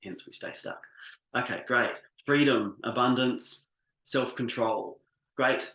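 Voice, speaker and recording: A man's voice: mid-range voice, slow pace, sharp tone. A middle-aged man giving a live workshop talk as a business coach, earnest and heartfelt, often restarting his sentences. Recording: echoey room.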